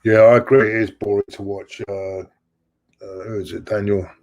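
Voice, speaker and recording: A man's voice: fairly low pitch, little pitch movement, normal speed, a little mellow. A middle-aged man hosting a fan live stream, rambling and repeating himself as he chats to viewers. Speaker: fan channel host. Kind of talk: live-stream chat reading viewer messages.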